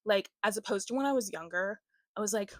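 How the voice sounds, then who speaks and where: A woman's voice: mid-range voice, quick pace, dry recording. Chatty young woman, dry close sound. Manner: chatty, leans on filler words, laughs often. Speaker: book vlogger. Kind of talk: casual book review chat.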